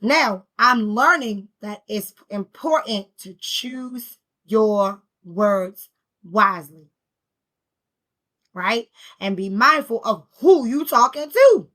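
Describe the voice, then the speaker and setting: Bright, emphatic woman giving spiritual talk. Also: fairly high pitch. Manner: emphatic, repetitive, preacher-like rhythm; conversational, slangy. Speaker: spiritual healing vlogger. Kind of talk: casual motivational talk.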